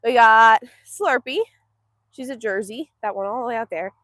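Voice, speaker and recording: A woman's voice: a little high, moderate pace, a bit bright, dry recording. A woman from Northeast Texas, hosting a casual livestream from an outdoor cow pen. She chats affectionately, answers viewer comments and coos to the animals in a sing-song baby voice. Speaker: livestream host.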